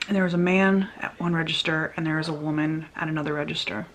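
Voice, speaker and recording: A woman vlogger telling a personal story in a casual, animated way, with quick restarts as she goes. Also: low-pitched, slight background noise. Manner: animated, tumbling retelling with restarts.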